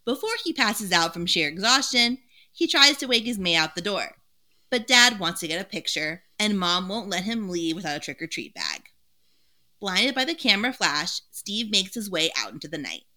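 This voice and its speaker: A woman co-hosting a podcast, retelling a book's plot in a casual, animated way with frequent laughter. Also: medium pitch, normal speed. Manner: animated storytelling, laughs often. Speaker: podcast co-host. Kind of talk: casual book recap with chat.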